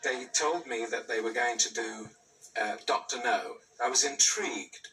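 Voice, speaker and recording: A man in an interview recounting past events in a relaxed, storytelling way. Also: medium pitch, measured pace. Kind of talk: interview recollection. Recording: distant archive interview with music.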